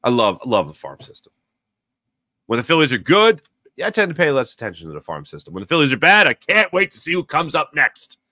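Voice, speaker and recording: A man hosting a live morning sports talk show, giving opinionated, rambling takes with sudden animated bursts. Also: medium pitch, a little fast, no room sound, clean studio sound. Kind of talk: solo sports radio monologue.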